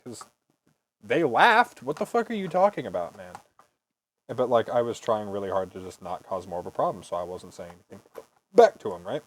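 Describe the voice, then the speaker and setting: Lively young man telling stories. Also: fairly low pitch, a little fast. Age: early 20s. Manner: swears freely, laughs often, rambling. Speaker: podcast host. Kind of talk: casual storytelling chat.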